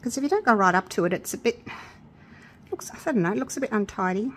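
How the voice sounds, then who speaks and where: Excitable chatty woman crafter. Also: medium pitch, fast talker, slight background noise. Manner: chatty and excitable, gushes with delight. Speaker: craft vlogger. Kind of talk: casual crafting tutorial chat.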